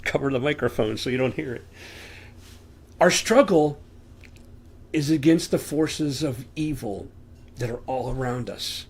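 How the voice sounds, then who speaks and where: A man with a medium-pitched, slightly rough voice delivers a Bible lesson from home at a measured pace with long pauses. Earnest and conversational, he asks rhetorical questions into a desk mic visible on camera.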